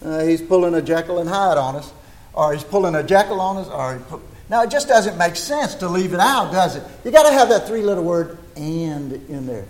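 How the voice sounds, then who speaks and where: A man's voice: high-pitched, animated, brisk, a little mellow. An older American man preaching a folksy sermon in a church, talking chattily into a microphone and asking rhetorical questions. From United States.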